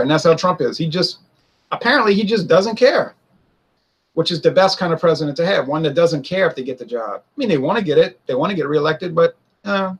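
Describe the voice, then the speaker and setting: A man talks through a casual opinion monologue in a husky voice that sits a little on the high side. He is animated and keeps slipping into high, mocking impressions of other people. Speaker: political commentator.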